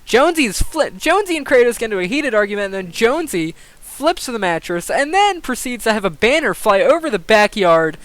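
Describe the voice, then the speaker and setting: A young man commentating a game simulation on a live stream, excitable, swearing and thinking aloud. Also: high voice, brisk, hardly any pauses, no room sound.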